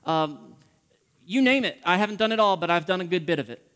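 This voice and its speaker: A male pastor preaching with passion in a high, ringing voice. He acts out pleading prayers, rising to near shouts and sinking to hushed whispers. His sermon carries a long reverb from a large church hall. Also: lively intonation, fairly quick, smooth.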